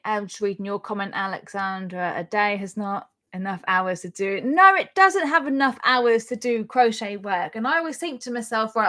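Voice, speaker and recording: A woman in her thirties with a Norfolk English accent, hosting a casual crochet live stream, chatty and self-deprecating, laughing often. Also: a little high. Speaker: crochet channel host.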